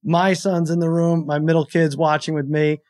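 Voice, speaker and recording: A man in his forties telling a story in casual chat on a podcast, acting out his family's shouts. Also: on the high side, moderate pace. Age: 40s. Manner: animated storyteller who acts out family members' shouts. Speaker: podcast guest.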